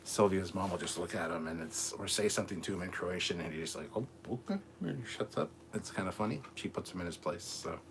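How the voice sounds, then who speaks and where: Deep-voiced man chatting casually on a livestream. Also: fast, few pauses, noisy background. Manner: rambling, easygoing, lots of fillers and asides. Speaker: livestream host reading chat. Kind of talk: casual live-stream chat. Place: home room with TV. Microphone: camera mic at a distance.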